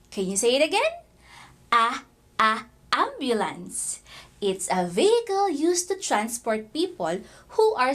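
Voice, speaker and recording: High, lively teacher coaxing kids. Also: female voice. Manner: coaxing, sing-song, repeats sounds for kids to copy. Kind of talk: children's phonics lesson.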